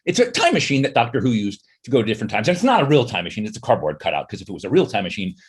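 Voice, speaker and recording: A middle-aged man talks fast from his home office, riffing on video-call habits in a wry comedy monologue. His voice is a touch husky, and his pitch jumps all over as he slips into mocking voices. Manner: animated, wry, quick asides and mock voices.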